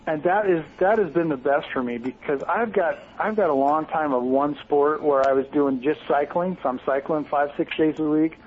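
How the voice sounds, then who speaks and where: An enthusiastic man from Oregon chats casually as a podcast guest, his voice sitting a little high. The sound is somewhat muffled, with a faint hiss of noise behind him. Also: normal speed, few pauses. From Bend, Oregon. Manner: upbeat, enthusiastic. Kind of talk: casual chat.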